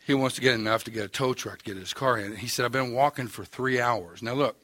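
A man's voice: mid-range voice, quick pace, sharp tone, no echo. An older man with an Oklahoma accent preaching a sermon, telling a story in a folksy, wry, self-mocking way. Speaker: pastor.

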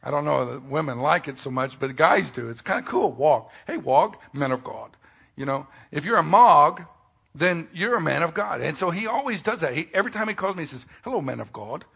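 Gravelly, bright-voiced male pastor preaching. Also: on the high side, animated, fairly quick. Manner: swings between loud emphatic peaks and quiet, intimate asides; joking, folksy asides. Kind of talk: sermon.

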